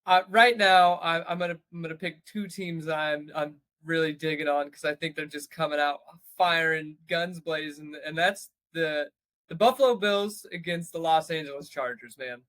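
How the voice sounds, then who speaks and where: A man's voice: a little high, normal speed, pushed and bright, no echo. A man co-hosting a podcast, talking playfully and laughing often as he rambles. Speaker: podcast co-host. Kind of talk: casual podcast chat.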